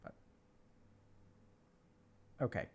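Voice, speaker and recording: A man hosting a call-in show, calmly asking gentle clarifying questions. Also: extremely slow, slight background noise. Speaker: host.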